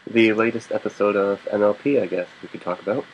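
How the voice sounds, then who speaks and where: Man, very low voice, wry, casual chat, faint hiss. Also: fairly even intonation, fast talker, muffled recording.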